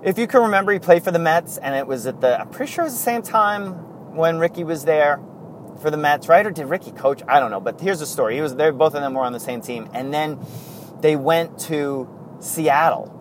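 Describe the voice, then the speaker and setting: A man's voice: on the high side, expressive, a little fast, a little hiss or hum. A man hosting a casual podcast on his own, telling stories in a rambling way with chuckles and self-corrections. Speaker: podcast host. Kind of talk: casual solo podcast talk.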